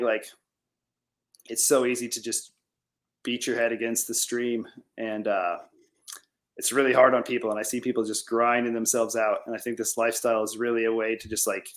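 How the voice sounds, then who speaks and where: Man, farmer guest on a call interview, mid-pitched voice, loose rambling delivery with constant fillers. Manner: rambling, heavy use of "like". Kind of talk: casual interview chat.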